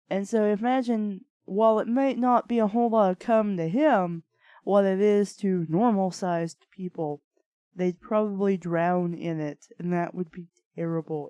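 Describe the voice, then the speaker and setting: Slow, deadpan woman reading aloud. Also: medium pitch, clean tone, no room sound, clean studio sound. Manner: deadpan sarcastic asides. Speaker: reader of bad fan fiction. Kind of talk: dramatic reading with sarcastic commentary.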